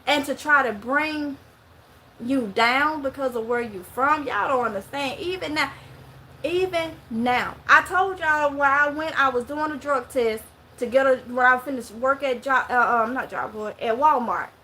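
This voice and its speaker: A woman's voice: sits high, measured pace, sharp tone, slight background noise. A middle-aged woman from Mississippi with a strong Mississippi Southern accent, talking casually to camera and telling a story in rural Southern dialect. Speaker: vlogger.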